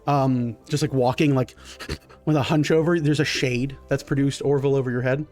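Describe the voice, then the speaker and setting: A man's voice: medium pitch, fairly even intonation, fairly quick, a little mellow, faint music behind. A man narrating as game master of a tabletop game, rambling with many fillers.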